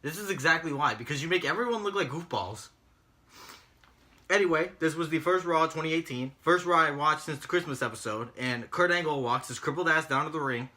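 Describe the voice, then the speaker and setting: Cast: male co-host, bright, somewhat high voice, exasperated and mocking rant delivery. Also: brisk. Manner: exasperated, mocking, swears often. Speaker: podcast co-host recapping wrestling. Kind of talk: casual profane rant.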